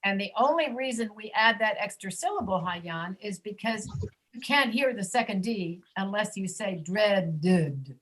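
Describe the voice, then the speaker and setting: A woman leads an online pronunciation lesson over a video call. She draws words out slowly and repeats sounds for her students, in an even, middle-pitched voice. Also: poor audio. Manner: slow, drawn-out modeling of sounds. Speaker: ESL pronunciation teacher. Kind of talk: online class teaching.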